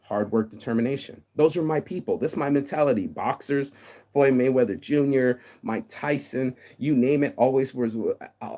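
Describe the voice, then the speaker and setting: A man in his thirties delivering a rambling, profane motivational monologue, stammering and repeating words, with sudden loud outbursts. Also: mid-range voice, normal speed. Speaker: vlogger.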